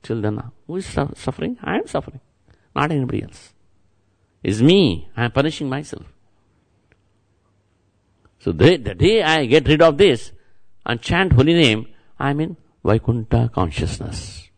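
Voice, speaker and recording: A man's voice: mid-range voice, sing-song, moderate pace, gravelly, pauses often. A man giving a devotional sermon as a spiritual teacher, repeating words and chants and speaking straight to his listeners. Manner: repetitive, chant-like, addresses listeners directly.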